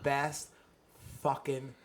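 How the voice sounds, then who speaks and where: A man's voice: medium pitch, drawn-out words. Rowdy, profane male podcast host. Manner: loud, profane, rambling and excitable. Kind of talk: casual podcast banter.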